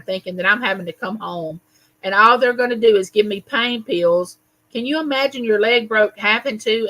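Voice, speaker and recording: A woman's voice: mid-range voice, pushed and bright, rough recording. A woman, hosting a casual livestream, telling a story with animation and greeting viewers by name. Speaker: livestream host.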